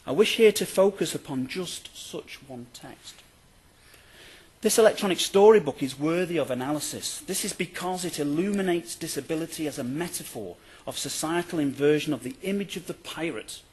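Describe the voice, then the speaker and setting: A male university lecturer reading out a prepared academic paper in a formal, measured way, with the odd dry aside. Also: fairly high pitch, animated, darkish tone, breathy edge.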